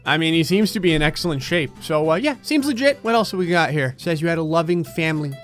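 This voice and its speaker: A man with a fairly high voice runs through a game with excitable, jokey commentary. Faint music plays underneath, and he laughs his way between asides. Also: quick pace. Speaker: gaming YouTuber. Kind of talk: let's-play commentary.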